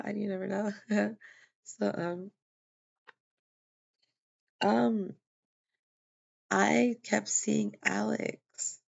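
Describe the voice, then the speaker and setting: A woman's voice: lowish voice, gravelly, a little mellow. A tired, yawning woman telling a personal story in a casual, rambling way, with lots of fillers and restarts. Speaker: vlogger sharing a personal testimony. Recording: dull lo-fi recording.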